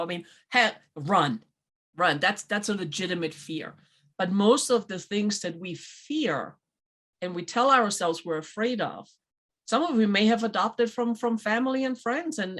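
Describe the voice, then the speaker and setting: A woman hosting a talk show, chatting in a casual motivational way and acting out quoted voices with lively swings. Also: medium pitch. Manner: animated, acts out quoted voices. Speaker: podcast host.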